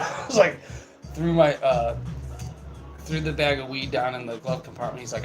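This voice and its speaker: A man's voice: mid-range voice, fast talker, low-quality recording. A young man casually telling rambling, profane stories with lots of laughter. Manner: laid-back, profane, laughs through his stories. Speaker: storyteller. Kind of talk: casual storytelling. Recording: music playing in the background.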